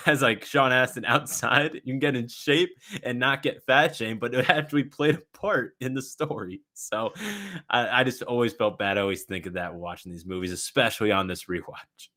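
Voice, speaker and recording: A lively man co-hosting a movie podcast who likes to act out scenes as he goes. His voice sits at an ordinary middle pitch, and the talk stays loose and casual. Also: moderate pace. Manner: animated, acts out scenes.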